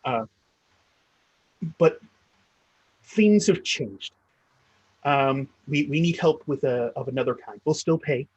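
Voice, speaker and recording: A man's voice: medium pitch, slow pace, long pauses, breathy edge, dry recording, muffled recording. A man voicing an anxious, tall male townsman with missing teeth who stammers while trying to seem composed. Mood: worried. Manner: stammering, flustered.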